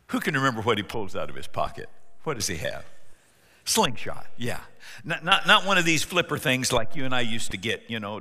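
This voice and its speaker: Bright, animated preacher in a hall. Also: male voice, mid-range voice. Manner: animated, joking storyteller. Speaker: pastor. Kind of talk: sermon. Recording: long hall reverb.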